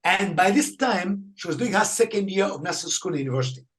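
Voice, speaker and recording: A man with a slightly high voice tells his story with a lot of energy. He acts out each person in it and laughs as he goes, and his pitch jumps around. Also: fast talker, low-quality recording. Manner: animated storyteller, acts out dialogue, laughs often. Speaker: Catholic priest guest. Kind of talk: storytelling in a faith interview.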